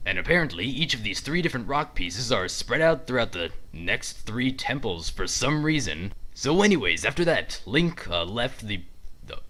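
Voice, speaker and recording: A man's voice: medium pitch, pushed and bright. A man narrating a comedic parody with sarcastic, rambling asides and fumbled words.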